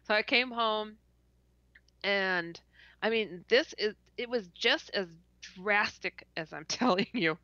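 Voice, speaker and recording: A podcast guest tells an interview story with lots of energy, laughing often, stuttering, and acting out how she reacted. Her medium-pitched voice is slow, pushed, and bright with no room sound, though the call audio is dull and lo-fi.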